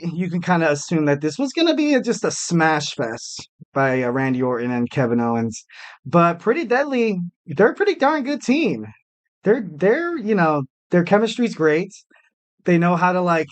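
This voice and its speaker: A man hosting a solo podcast, talking casually in a rambling, self-deprecating way with lots of fillers. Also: a little high. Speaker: podcast host.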